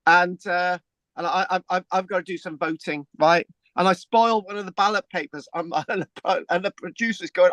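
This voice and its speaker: A man's voice: sits high, a little fast, a bit bright, no room sound. A man from England hosting a casual chat, rambling through an anecdote, repeating words and tagging "right?" onto his sentences. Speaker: host.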